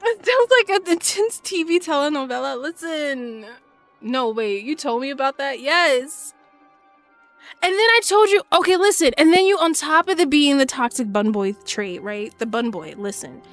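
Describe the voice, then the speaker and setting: A woman in her twenties chats on a gaming stream, slangy and profane, breaking into laughs. Her voice sits a bit high, and soft music hums behind her. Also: lively intonation, normal speed. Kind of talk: casual gaming stream chat.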